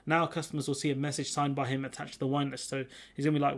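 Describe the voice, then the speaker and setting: A man's voice: medium pitch, level tone, rapid-fire, creaky. A young man hosting a casual commentary video, talking in a sarcastic, mocking, conversational way. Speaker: commentary channel host.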